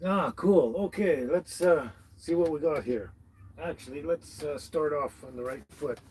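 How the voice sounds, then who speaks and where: A man's voice: fairly high pitch, measured pace, a little mellow, a little hiss or hum, low-quality recording. A man hosting a casual livestream, greeting each viewer by name in a friendly, chatty way. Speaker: livestream host. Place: tiny house on wheels.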